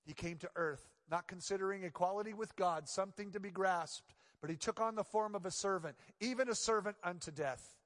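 A man's voice: high voice, a little fast, few pauses. Playful man preaching in a hall. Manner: conversational and playful, dropping to quiet earnest tones. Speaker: pastor. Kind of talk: sermon.

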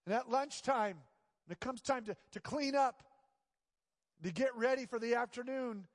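A man's voice: very high voice, normal speed. A man preaching a sermon, telling a story and then pressing the point with emphatic repetition. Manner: storytelling, voices characters, builds to emphatic repetition. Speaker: pastor. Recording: long hall reverb.

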